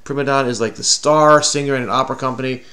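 His mid-range voice holds a steady tone, though he races along and sounds sharp. The man is hosting a laid-back crossword solve with a child, joking around and patiently unpacking the clues.

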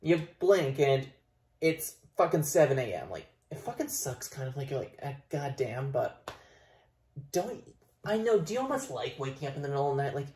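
Tired, foul-mouthed young Canadian vlogger, animated delivery, roomy echo. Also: male voice, medium pitch, normal speed. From Ontario, Canada. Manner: profane, rambling, swings between outbursts and mumbling. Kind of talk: casual rambling vlog. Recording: echoey room.

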